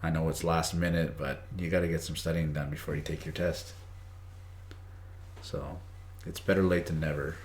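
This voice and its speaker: Low-voiced guy chatting through an english lesson on a live stream, reads the chat out, roomy echo. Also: steady tone, moderate pace. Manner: chatty, greets viewers by name, reads chat aloud. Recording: echoey room.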